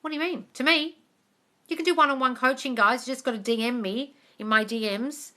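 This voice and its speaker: Bright-voiced Australian woman coaching live. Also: sits high, brisk. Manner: chatty, swears casually, calls listeners darling. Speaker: manifestation coach. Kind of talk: live-stream Q&A chat.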